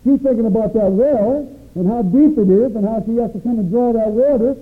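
A man's voice: very high voice, a little fast. A man preaching a sermon with an emphatic, rising and falling cadence. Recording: tinny phone-like recording.

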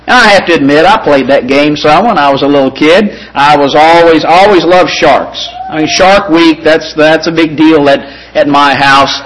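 Earnest preaching man, fairly high voice. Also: normal speed, a bit bright, poor audio. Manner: earnest, conversational preaching with repeated words. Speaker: pastor. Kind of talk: sermon.

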